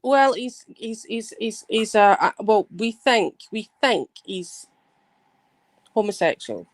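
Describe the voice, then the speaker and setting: A woman hosting a livestream, telling a rambling story in an animated way, swearing and restarting her sentences. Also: medium pitch, slow pace, no room sound. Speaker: livestream host. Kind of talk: casual livestream chat.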